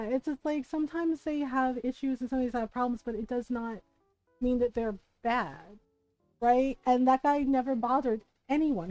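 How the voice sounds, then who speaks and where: A woman's voice: high-pitched, no room sound, rough recording. A woman streamer telling a long story in casual chat, acting out the people in it and laughing often. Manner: animated anecdote, acts out quoted voices, laughs often. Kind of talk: casual storytelling while gaming.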